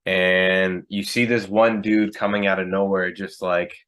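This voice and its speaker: A man co-hosting a podcast, telling a story in a relaxed, rambling way with lots of fillers. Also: sits low, a little slow, clean tone. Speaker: podcast co-host. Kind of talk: casual chat.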